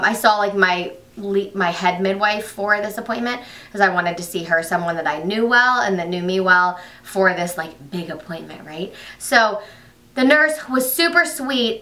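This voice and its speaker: A pregnant woman vlogging in a casual storytelling way, talking fast and rambling, full of fillers and restarts. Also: medium pitch, pushed and bright, roomy sound, distant mic.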